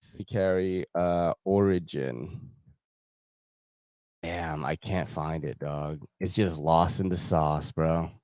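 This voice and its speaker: A man's voice: low voice, steady tone, slow pace, darkish tone, no room sound, studio quality. A young man hosting a casual gear show, chatting in laid-back slang while browsing a website and laughing often.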